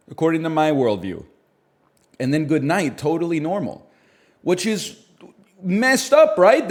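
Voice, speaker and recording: A man's voice: fairly high pitch, darkish tone. A man streaming, chatting casually and riffing wryly on his own jokes with mock-serious asides. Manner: rambling, wry, mock-serious bits.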